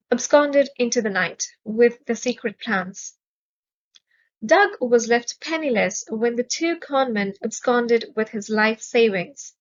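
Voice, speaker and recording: Woman, vocabulary teacher, unhurried, crisp enunciation, muffled audio. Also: on the high side. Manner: measured, clearly enunciated, stresses syllables. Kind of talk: slow, careful vocabulary lesson.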